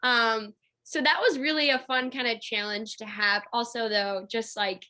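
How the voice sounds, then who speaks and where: A woman's voice: fairly high pitch, fairly even intonation, a little slow, bright, forceful tone. A woman on a panel, talking cheerfully with small laughs over a video call. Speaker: actor on a fan convention panel. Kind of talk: casual panel chat.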